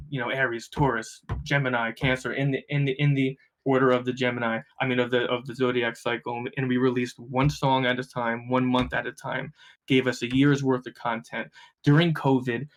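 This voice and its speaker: Give me a young man telling profane, animated stories as a podcast guest. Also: medium pitch. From New Jersey. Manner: profane, animated, acts out quoted voices. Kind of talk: casual storytelling.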